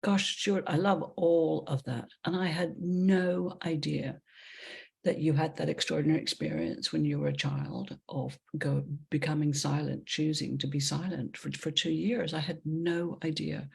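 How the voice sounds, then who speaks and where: A woman interviewer with a strongly gravelly, raspy voice at a middle pitch. She answers her guest with warm, affirming remarks and brief reflections in casual conversation. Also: unhurried. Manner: warmly affirming, short responses and reflections. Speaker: interview host.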